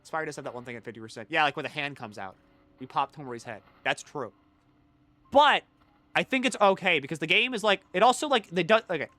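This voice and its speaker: Excitable high-voiced male streamer. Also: fast talker, no echo. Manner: rambling, excitable, swears freely. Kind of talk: casual gaming-stream chat.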